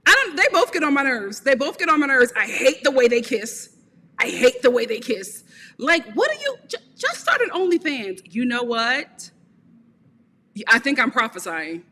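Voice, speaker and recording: Blunt, sassy high-voiced woman. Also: very animated, normal speed, sharp tone, long reverb tail, slight background noise. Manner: blunt, sassy, laughs often. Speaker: reality TV reviewer. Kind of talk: live commentary review.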